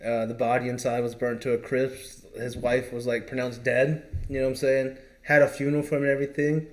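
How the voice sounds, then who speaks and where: A man's voice: mid-range voice, little pitch movement, brisk. A man co-hosting a podcast, telling a long story in a rambling, casual way with lots of fillers. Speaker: podcast co-host. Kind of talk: casual chat.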